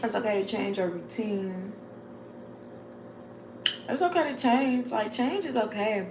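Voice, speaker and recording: A woman's voice: mid-range voice, unhurried. A woman giving a rambling, casual motivational talk to her viewers, chatty and informal. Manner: rambling, breaks into frequent laughter; addresses viewers as "y'all" and "babes". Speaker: vlogger. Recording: echoey room with faint background noise.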